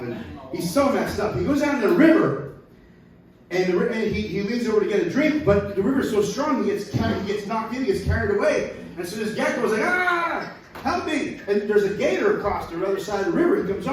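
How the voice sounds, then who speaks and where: A man's voice: sits high, darkish tone. A man doing a stand-up set at a brewery, rambling and chuckling at his own jokes. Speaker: stand-up comedian. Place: brewery taproom. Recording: echoey room, mic heard from far off.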